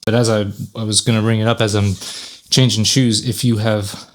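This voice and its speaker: A man's voice: fairly low pitch, level tone, moderate pace. A man talking casually to camera in a gym, chatty and rambling, often correcting himself mid-sentence as he explains his workout. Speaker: fitness YouTuber. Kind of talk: casual workout vlog talk.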